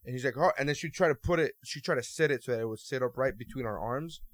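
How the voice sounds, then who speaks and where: A man telling a story in casual conversation, animated and profane, acting out the people he quotes. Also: medium pitch, fast, no room sound, clean studio sound. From Miami.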